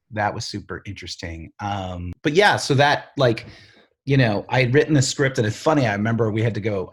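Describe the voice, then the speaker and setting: A man's voice: fairly low pitch, husky. A middle-aged man from the Bronx, a TV writer and showrunner, telling his career story in a candid, rambling interview full of fillers. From the Bronx, New York. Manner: animated, rambling, filler-heavy.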